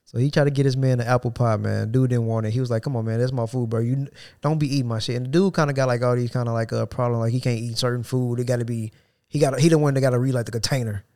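Rattling off a work anecdote at rapid-fire speed, this medium-pitched podcast co-host voices each quote in animated, casual storytelling.

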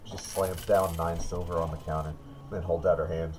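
A man narrating as dungeon master in a relaxed, descriptive way. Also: low voice, moderate pace, noisy background. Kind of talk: narrating a tabletop game.

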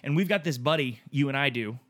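Bright-voiced man telling a raw story. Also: medium pitch, fast. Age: 30s. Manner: rambling, emotional storytelling with restarts and swearing. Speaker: podcast co-host. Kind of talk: candid casual chat.

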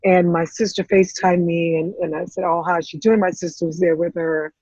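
A woman, an interview guest, tells an emotional personal story in a halting way, full of restarts and repeated words. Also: on the low side, steady tone, a little mellow, slightly rough, no room sound, lo-fi sound.

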